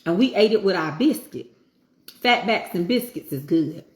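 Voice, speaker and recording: A woman's voice: fairly low pitch, animated, normal speed, reverberant. A middle-aged woman, chatting casually while she eats, with folksy, preachy asides. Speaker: home cooking vlogger. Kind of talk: casual chat while eating.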